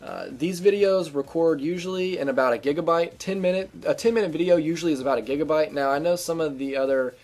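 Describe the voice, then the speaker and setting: A man's voice: a little high, fast talker, few pauses, a little mellow, faint music behind. A man giving casual gameplay commentary as a gaming video host, chatty and upbeat with lots of ums and restarts. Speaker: gaming YouTuber giving channel tips.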